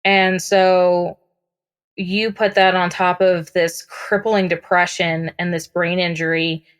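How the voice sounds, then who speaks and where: A woman's voice: fairly low pitch, little pitch movement, slow, smooth. A young woman guest on a podcast, candidly recounting a personal story in a casual way with many fillers.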